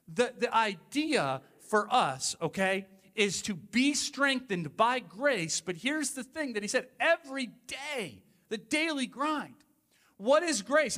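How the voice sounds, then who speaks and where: High, bright-voiced pastor preaching in a hall. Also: male voice. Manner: conversational, emphatic, uses rhetorical asides. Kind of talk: sermon.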